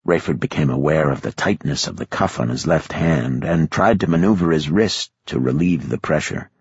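A man reading an audiobook in a measured, expressive scripted narration. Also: a bass voice, husky, no room sound, muffled recording.

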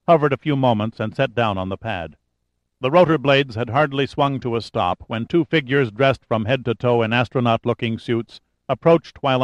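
A man's voice: medium pitch, dry recording. Man narrating a thriller audiobook. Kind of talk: scripted narration.

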